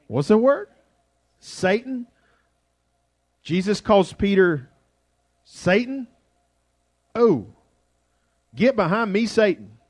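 A man preaching a sermon as pastor, shifting between loud emphasis and quiet, drawn-out phrases. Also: high-pitched, no echo.

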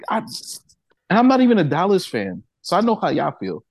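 A man's voice: high-pitched, brisk, no room sound. A man co-hosting a podcast, ranting in casual banter and swearing freely as he retells stories. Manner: animated, profane ranting with acted-out retellings. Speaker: podcast co-host.

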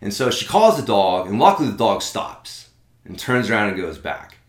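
Dude telling a wild story, cusses a lot, voice jumps around, echoey room. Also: male voice, lowish voice, normal speed. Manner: profane, animated, lots of fillers. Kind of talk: casual storytelling.

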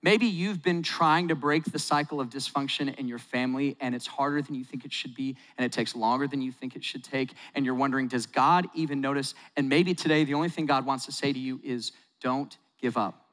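A man preaching a sermon in a large hall, telling a story with animated delivery and acting out quotes. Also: mid-range voice, a little fast, hardly any pauses. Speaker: pastor. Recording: long reverb of a large hall.

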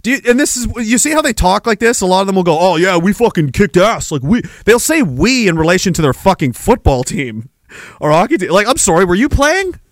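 A man's voice: high voice, sing-song, fast, no echo, studio quality. A man hosting a podcast, delivering a heated, profane monologue with mocking sarcasm. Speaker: podcast host.

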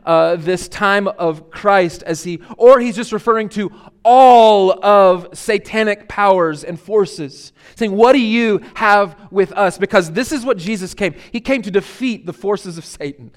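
A man preaching a sermon as pastor, earnest and emphatic, building to loud peaks and then dropping to quiet reflection. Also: high voice, measured pace.

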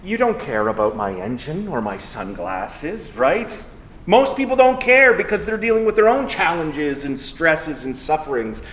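Male pastor, sermon, conversational, self-mocking, slightly high voice, roomy church echo. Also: sing-song, a little slow, a bit bright, a little hiss or hum.

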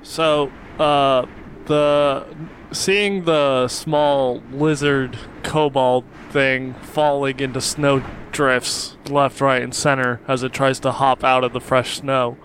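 Slow, hesitant male player. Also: medium pitch, fairly even intonation, a bit bright, a little hiss or hum. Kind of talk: tabletop game play.

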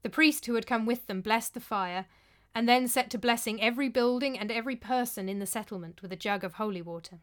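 A woman reading a story aloud in a measured, even narrating voice. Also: on the high side. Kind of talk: audiobook narration.

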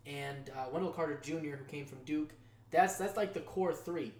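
A man hosting a casual news-style show, jokey and animated, his voice jumping from loud outbursts to quiet asides. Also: on the high side, normal speed. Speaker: show host. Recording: echoey room.

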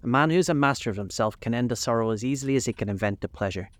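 A man's voice: mid-range voice, rapid-fire, dry recording, lightly acted. A man voicing an anguished, earnest older male painter in a storybook reading, pained and pleading. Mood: distressed.

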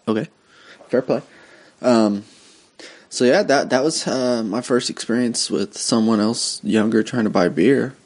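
A man's voice: mid-range voice, slow pace, long pauses, darkish tone. A man co-hosting a casual podcast, rambling with lots of fillers and swearing. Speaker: podcast co-host.

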